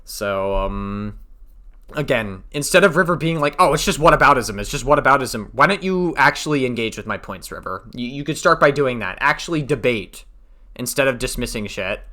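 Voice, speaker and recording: A man's voice: mid-range voice, expressive, moderate pace, bright, forceful tone. A man arguing in a live online debate, exasperated and swearing as he presses his points.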